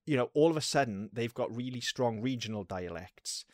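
A man's voice: medium pitch, expressive, moderate pace, no room sound, studio quality. A man co-hosting a podcast, talking in a casual, enthusiastic way and swearing now and then. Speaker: podcast co-host. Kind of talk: casual chat.

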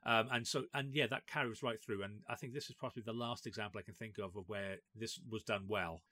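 A man's voice: lowish voice, fairly even intonation, fairly quick, pushed and bright, dry recording. A man co-hosting a podcast, rambling casually with lots of restarts. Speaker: podcast co-host. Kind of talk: casual chat.

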